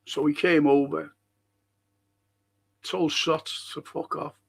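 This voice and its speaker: Male podcast host, gravelly and slightly high-pitched, blunt and foul-mouthed, in casual live-stream chat. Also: fairly even intonation, slow pace. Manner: blunt, swears freely, reads viewer comments aloud.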